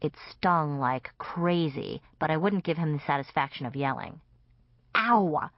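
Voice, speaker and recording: A woman's voice: sits low, normal speed, no echo. A woman narrating a comic vampire novel in first person, with a wry storytelling manner. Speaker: audiobook narrator. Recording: dull, dry audiobook recording.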